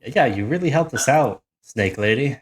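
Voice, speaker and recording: A man's voice: medium pitch, expressive, normal speed. A man playing in a tabletop game, joking and teasing in casual banter. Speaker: player.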